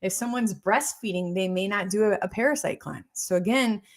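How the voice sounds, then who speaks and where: A woman's voice: medium pitch, normal speed. A woman doctor giving a casual health talk, repeating points and checking in with her listeners as she explains. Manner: repetitive, keeps checking in with "okay?" and "right?".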